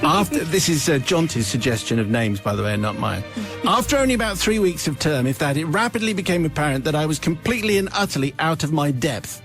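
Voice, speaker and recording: A radio host reading a listener's confession letter aloud with wry, theatrical storytelling, in a studio. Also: male voice, a little high, expressive, fast talker, vocal fry, over music. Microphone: studio microphone.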